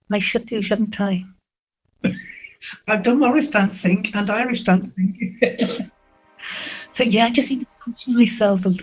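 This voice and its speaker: A middle-aged woman telling candid dating stories in an interview, animated and acting out what people said. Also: mid-range voice, poor audio. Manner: candid, animated, acts out quoted dialogue. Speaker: interview guest. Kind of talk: frank storytelling.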